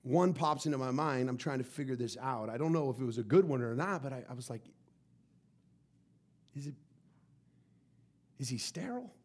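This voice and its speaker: A male pastor preaching to his congregation, telling a story in an animated way and often stumbling over repeated words. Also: medium pitch, fast talker, hardly any pauses. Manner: animated, stammering repetitions. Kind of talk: sermon storytelling.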